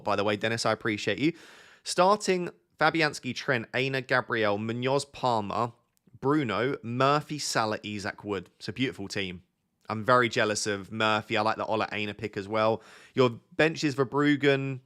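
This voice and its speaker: This fantasy football streamer, a young Essex man with a southern English accent, talks loosely on a live stream, reading viewer questions and giving friendly tips as he thinks out loud. His pitch is medium and his tone a bit bright.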